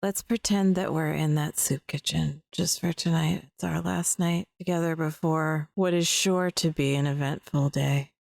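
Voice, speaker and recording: A woman taking part in a tabletop game, with a voice pitched low for a woman. She talks eagerly and the sound is dry and close to the mic. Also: steady tone, moderate pace, creaky, few pauses, a little mellow, no echo. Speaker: player. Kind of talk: tabletop role-play.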